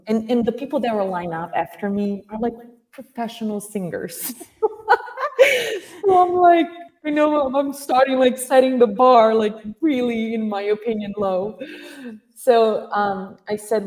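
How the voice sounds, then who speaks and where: A woman guest telling a personal story in a casual chat, animated and quick to laugh. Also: fairly high pitch, distant mic.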